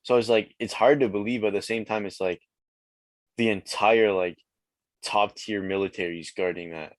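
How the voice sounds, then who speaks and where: A laid-back teenage guy from Quebec talks in a casual interview. His voice sits low, and the close recording is very dry. He keeps leaning on "like" and "man" as fillers. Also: steady tone, normal speed, no room sound. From Quebec, Canada. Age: teens. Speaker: guest rapper. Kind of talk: casual chat.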